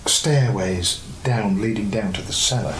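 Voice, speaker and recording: A man's voice: on the low side, measured pace. Man telling an amused story, echoey room. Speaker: former hotel worker. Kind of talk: archive oral-history anecdote. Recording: echoey room with faint background noise.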